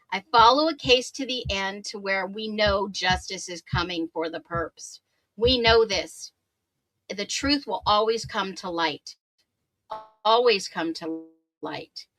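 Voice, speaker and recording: Bright, chatty woman livestreaming. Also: mid-range voice, dry recording. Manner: upbeat, chatty, laughs often, greets viewers by name. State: slightly hoarse voice. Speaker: true crime livestream host. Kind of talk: casual livestream chat, reading viewer comments.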